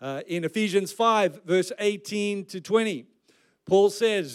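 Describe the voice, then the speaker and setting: A man preaches a sermon in a relaxed, conversational way, slipping in light jokes between his points. His voice sits a little higher than most men's. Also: moderate pace. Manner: conversational preaching with joking asides. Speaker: pastor.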